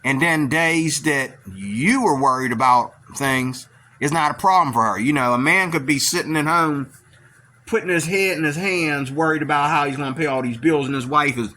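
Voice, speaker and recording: A man's voice: fairly high pitch, moderate pace, pushed and bright. A man giving blunt, rambling reaction commentary, often asking "okay?" to drive points home. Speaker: video commentator.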